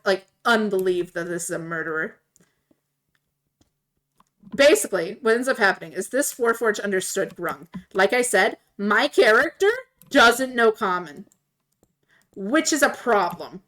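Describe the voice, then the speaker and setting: A woman streamer casually retelling a tabletop game story while playing, animated and laughing often. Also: fairly high pitch, a little slow. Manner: animated, laughing, voices quoted characters.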